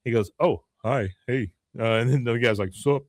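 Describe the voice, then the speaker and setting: A man's voice: mid-range voice, moderate pace, no echo, studio quality. A man hosting a podcast, casually recapping an episode and quoting the characters in shifting voices. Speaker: podcast host.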